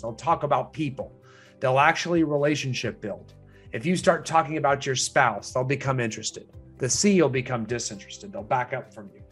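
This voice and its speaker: A man's voice: a bit bright, breathy edge. A man teaching real estate agents in a training lecture, emphatic and full of rhetorical questions, repeating his key points. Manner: swings pitch up and down for emphasis.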